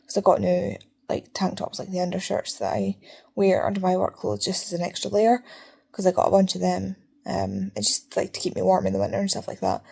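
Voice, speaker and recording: A woman's voice: medium pitch, very animated, brisk, vocal fry, darkish tone, breathy edge. A young Scottish woman talking casually in a home reading vlog, chatty and prone to swearing rants. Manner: chatty, ranting, swears freely. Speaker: book vlogger.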